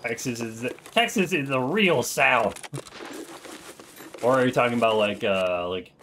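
A man's voice: mid-range voice, lively intonation, a little slow, fairly bright tone, slight background noise. Rambling man with a slight Minnesotan accent. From Minnesota, USA. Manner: loose, rambling, profane banter. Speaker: streamer, former Marine. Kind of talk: casual gaming chat on stream.

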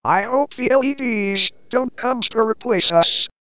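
Computer lady voice doing an angry little lamp, kinda high, dry and muffled. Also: expressive, measured pace, no echo. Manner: ungrammatical, hostile toward rivals. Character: angry lamp fixture, hot-tempered younger brother.

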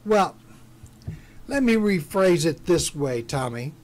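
A man doing a calm, firm deputy. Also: on the high side. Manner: calm, measured. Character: calm firm small-town male deputy.

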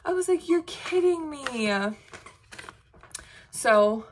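A woman's voice: a little high, measured pace, a little hiss or hum. A woman, chatting casually to her phone camera at home in a bubbly, gushing way. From United States. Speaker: vlogger. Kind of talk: casual vlog chat. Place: home, indoors.

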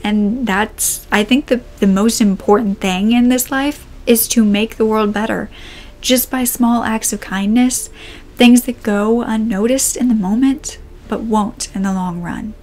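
A woman who hosts a true crime channel speaks a sincere, heartfelt message directly to her viewers. Her voice is fairly high and unhurried, a bit emotional, with some phrases trailing off soft and almost whispered.

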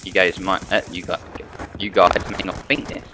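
A man's voice: sits low, flat delivery, normal speed, noisy background. A young man giving rambling gameplay commentary, chatty and full of rhetorical questions to his viewers. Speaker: gaming channel host.

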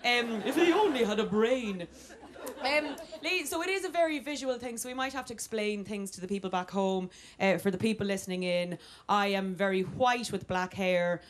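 A woman's voice: mid-range voice, normal speed. A young Irish woman hosting a live stand-up comedy night, chatty and self-mocking, breaking into squealed exclamations. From Ireland. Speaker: comedy host. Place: live comedy venue with audience. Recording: live stage recording with audience noise.

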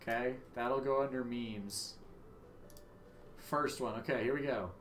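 A young man livestreaming a game, chatting casually with viewers, loud and joking with free swearing. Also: medium pitch, measured pace, a little hiss or hum. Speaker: livestream gamer. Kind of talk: casual stream chat. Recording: echoey room, faint ambience.

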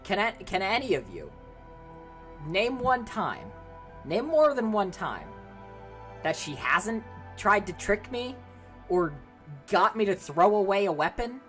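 A young woman streaming a game live, animated and laughing as she banters with her chat and an AI companion. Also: medium pitch, slow pace, long pauses, soft background music.

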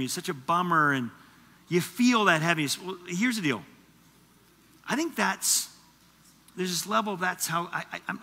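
Pastor guy preaching, lively and chatty, really bright sharp voice, long church echo. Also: on the high side. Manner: animated, conversational preaching with asides. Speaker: teaching pastor. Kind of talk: sermon. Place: church auditorium.

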